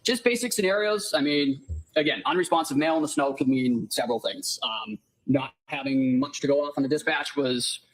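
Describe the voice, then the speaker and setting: A man testifying in court as a firefighter paramedic, answering politely and in a measured way. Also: on the high side, poor audio.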